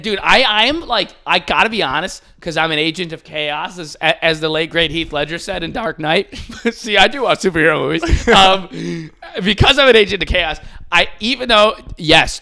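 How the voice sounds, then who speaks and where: Animated swearing man on a podcast. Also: sits high, moderate pace. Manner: animated, swearing, laughing, mimicking voices. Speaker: podcast co-host. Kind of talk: casual comedic podcast chat.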